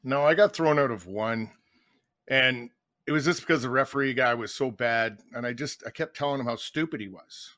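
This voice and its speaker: With a sharp tone and a mid-range voice at a moderate pace, this middle-aged guest tells blunt stories in a casual podcast chat. He voices the lines of the people involved, and the studio mic picks up no room sound.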